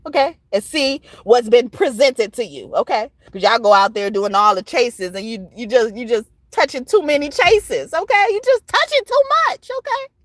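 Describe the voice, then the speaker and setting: A high-voiced woman gives an unhurried tarot reading, her pitch leaping up and down as she talks. She is blunt and profane, laughs between points and keeps checking in with "okay?". Her voice sounds dry and close, with no room echo. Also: animated. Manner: blunt and profane, tags most phrases with "okay?". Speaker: tarot reader. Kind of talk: casual tarot reading to camera.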